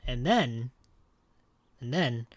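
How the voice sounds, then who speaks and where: A man rambles and jokes with his viewers while streaming a game. His voice sits at an ordinary middle pitch, and the sound is dry and close with no room echo. He talks in loose, meandering asides. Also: lively intonation, drawn-out words. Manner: rambling and joking, chatting with viewers. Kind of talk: casual livestream chat.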